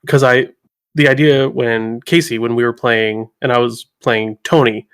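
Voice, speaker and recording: A man co-hosting a tabletop gaming podcast, chatting in a loose, rambling way. His voice sits at an ordinary middle pitch. He laughs often and fills gaps with ums and uhs. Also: steady tone, unhurried, clean tone. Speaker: podcast co-host. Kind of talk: casual chat.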